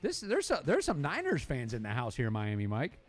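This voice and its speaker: A man's voice: medium pitch, huge pitch swings, fairly quick, no room sound, soft background music. A man hosting a live sports talk show, playful and rambling as he jokes and reads out viewer comments.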